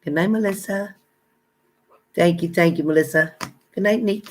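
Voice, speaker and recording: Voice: medium pitch, moderate pace, slight background noise. Chatty, blunt tarot reader on a live stream. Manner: chatty, greets viewers by name; laughs often, playful banter. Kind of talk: casual live-stream chat with viewers.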